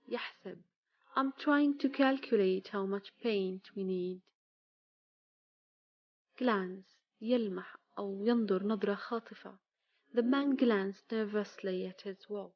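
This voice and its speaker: A woman teaching vocabulary, reading single words and example sentences in a slow, measured way. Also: medium pitch, no room sound, lo-fi sound. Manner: slow, measured reading, one word at a time.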